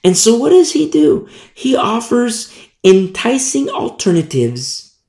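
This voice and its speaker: Man preaching a sermon, fervent and emphatic, gravelly, fairly high voice, roomy echo. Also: sing-song, takes it slowly, dark tone. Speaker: Bible teacher.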